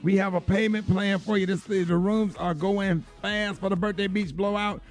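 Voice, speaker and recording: A man's voice: high voice, fairly even intonation, normal speed, faint music behind. A man hosting a morning radio show, plugging an event in a folksy, upbeat way. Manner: folksy, upbeat promo delivery. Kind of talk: casual radio host chat.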